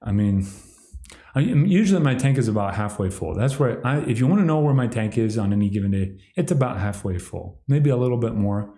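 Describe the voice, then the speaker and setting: A man's voice: on the low side, expressive, a little fast, warm tone. Sardonic rambling man in an echoey room. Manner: sardonic, mocking, breaks into exaggerated impressions. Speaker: livestream commentator. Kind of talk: rambling solo commentary.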